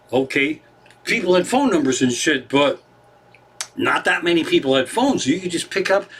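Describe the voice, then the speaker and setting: A man's voice: high voice, a bit bright, breathy edge. A man doing a rambling, profane stand-up monologue from his living room on a livestream. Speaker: comedian.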